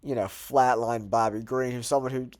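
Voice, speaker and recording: A man's voice: medium pitch, fairly even intonation, normal speed, darkish tone. A man hosting his own channel, sounding nasal from a cold, chatting casually through his betting picks and thinking aloud with fillers. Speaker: host. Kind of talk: casual betting predictions monologue.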